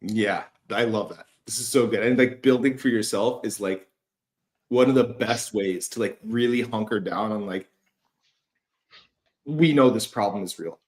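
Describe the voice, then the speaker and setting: A man's voice: fairly low pitch, moderate pace, a little mellow. A man hosting a casual feedback conversation, talking loosely with plenty of fillers and swearing. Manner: loose, profane, lots of fillers. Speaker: host giving feedback.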